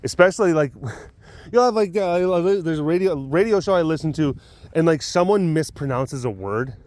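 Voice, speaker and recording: A man's voice: fairly high pitch, lively intonation, normal speed, a little mellow. A young adult man hosting a casual show, rambling and laughing between stories. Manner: rambling, laughs often, coos baby talk at a cat. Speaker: host. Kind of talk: casual chat.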